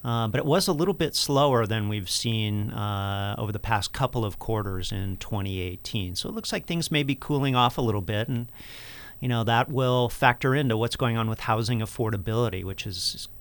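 Speaking at a fairly low pitch, a man who heads an economic research center explains his answers to interview questions carefully, filling pauses often.

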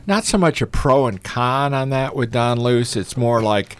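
A man hosting a live radio talk show from a studio, chatting in a relaxed, folksy way. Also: mid-range voice, a little slow, smooth.

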